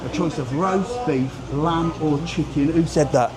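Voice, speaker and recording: A travel vlogger with a slightly high voice chats casually at a measured pace while walking a windy seaside street outdoors, filming on a handheld phone. He's blunt and sweary, and there's heavy background noise.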